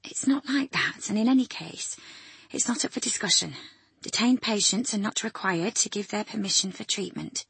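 A woman's voice: medium pitch, normal speed, creaky, a bit bright, husky, dry recording, voice pushed up, full character voice. A woman voicing a timid young female student nurse who speaks hesitantly and apologetically. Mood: firm.

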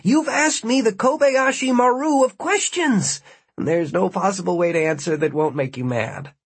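A narrator plays a cornered young man, his voice pitched high and strained as he pleads. The tone stays husky and the sound is dry. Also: big pitch swings, moderate pace, heavily acted. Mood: exasperated. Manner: pleading, rising exasperation. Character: exasperated young man, cornered and talking fast.

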